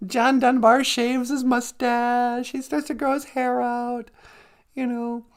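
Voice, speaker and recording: A man's voice: very high-pitched, level tone, slow, clean tone. A man hosting a livestream, retelling a film as a casual, jokey, rambling story with many self-corrections. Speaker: livestream host.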